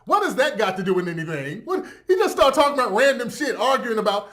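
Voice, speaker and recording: A man's voice: extremely high pitch, sing-song, quick pace, few pauses, a bit bright. A man hosting a reaction video, giving profane, incredulous, mocking commentary and laughing as he talks.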